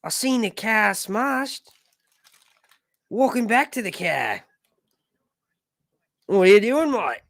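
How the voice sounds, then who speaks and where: A man voicing an excited Australian bloke with a put-on Australian accent, exaggerated and punctuated by laughter. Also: high-pitched, slow, vocal fry, pauses often, no echo, studio quality, pitched above the performer's own voice, full character voice. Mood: boisterous.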